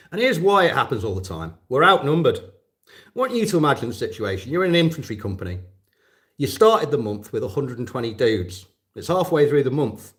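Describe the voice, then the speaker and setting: A man at an ordinary middle pitch talks off the cuff to his stream chat. He rambles, swears often and leans on fillers as he goes. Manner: profane, rambling, many fillers. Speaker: volunteer drone operator answering live chat. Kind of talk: casual livestream chat.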